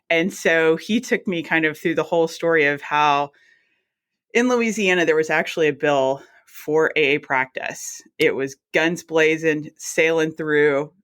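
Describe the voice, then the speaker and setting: A woman, a guest telling her career story in a chatty, animated way and acting out her own reactions. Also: low-pitched. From South Mississippi. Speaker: guest, anesthesiologist assistant. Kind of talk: casual storytelling interview.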